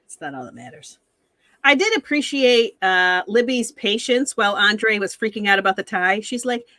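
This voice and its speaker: Giggly woman with a lively bright voice. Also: on the high side, moderate pace, no room sound. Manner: giggly, playful. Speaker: podcast co-host. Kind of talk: casual chat.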